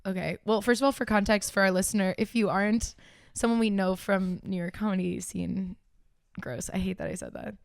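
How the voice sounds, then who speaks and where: A young woman who does stand-up co-hosts a podcast, chatting loosely and laughing often. Her voice sits mid-pitch and comes through a handheld mic, close and dry. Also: fairly even intonation, a little fast, gravelly, no echo. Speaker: podcast co-host, comedian. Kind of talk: casual chat.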